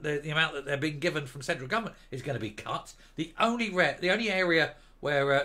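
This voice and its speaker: Older male host, sarcastic news rant, bright forceful voice, a bit high. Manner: sarcastic, mocking, scornful. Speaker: political commentary host. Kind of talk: reading news and ranting.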